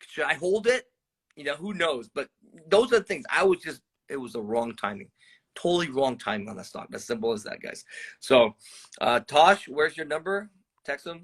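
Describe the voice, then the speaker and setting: A man's voice: fairly high pitch, fairly bright tone, husky. A man hosting a live stream about trading stocks, talking loosely to viewers, rambling, swearing and calling them "guys".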